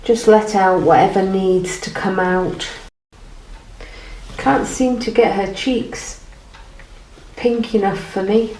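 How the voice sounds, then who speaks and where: A woman gently guiding an art lesson while she paints, encouraging and thinking aloud. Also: mid-range voice, fairly even intonation, slow, long pauses. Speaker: art teacher. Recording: roomy, from off the mic, faint noise.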